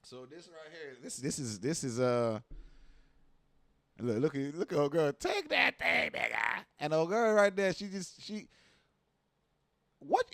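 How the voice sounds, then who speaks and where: Animated man ranting in slang. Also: a little high, measured pace, long pauses, no echo, clean studio sound. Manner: animated, profane slang, repeats "you know what I mean". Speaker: reaction commentator. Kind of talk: casual reaction commentary.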